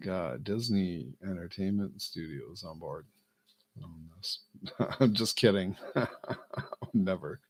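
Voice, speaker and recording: A deep-voiced man with a gravelly, husky rasp, rambling through a comic monologue. He talks slowly and haltingly, chuckling at his own ideas as he circles back and restarts. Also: dark tone. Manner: halting, self-amused, lots of fillers and restarts. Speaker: vlogger.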